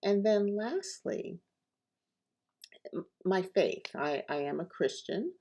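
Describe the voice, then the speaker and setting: Slow, gravelly-voiced woman author. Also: medium pitch, expressive. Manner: gentle, hesitant, with many fillers; repeats lines slowly and softly. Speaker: author reading her poetry. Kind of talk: reading a poem and teaching self-care practices.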